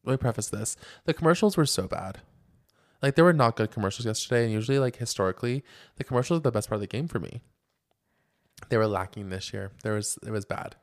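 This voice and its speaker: A man's voice: lowish voice, fast talker. Sassy young man podcast co-host. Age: young adult. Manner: animated, sassy, many "like" fillers. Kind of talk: casual chat.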